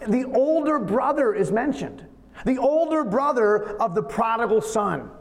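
A man preaching a sermon in an earnest, conversational, storytelling manner. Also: high voice. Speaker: pastor. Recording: long reverb of a large hall.

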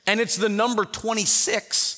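A man teaching a Bible study in a conversational way, telling the story with lively acted-out quotes. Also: sits high, moderate pace, in a large hall. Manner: animated storyteller who acts out the quotes.

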